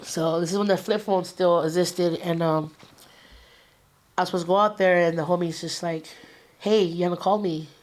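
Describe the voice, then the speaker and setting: Low-voiced streetwise woman. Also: fairly even intonation, normal speed. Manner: casual, streetwise storytelling with slang and swearing. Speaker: guest. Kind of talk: telling a personal story in an interview.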